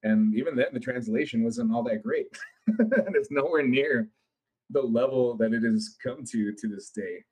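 A man co-hosting a gaming podcast in casual chat, rambling and excitable, swearing freely. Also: medium pitch, normal speed, slightly rough, poor audio. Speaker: podcast co-host.

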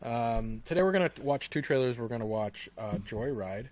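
A man's voice: mid-range voice, lively intonation, moderate pace, a little mellow. A man hosting a casual trailer podcast, rambling with many fillers and restarts. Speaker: podcast host. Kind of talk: casual chat.

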